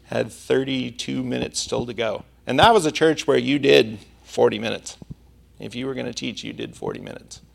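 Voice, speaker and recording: A man's voice: medium pitch, normal speed, vocal fry. A male preacher delivering a sermon, telling a personal story in a conversational manner.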